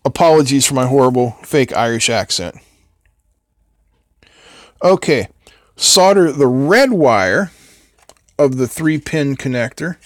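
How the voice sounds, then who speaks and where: A man's voice: mid-range voice, lively intonation, slow, pauses often, no room sound, clean studio sound. An older man hosting a live electronics build who chats casually and rambles, answering viewers between soldering steps. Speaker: host of an electronics build stream. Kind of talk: casual chat while soldering.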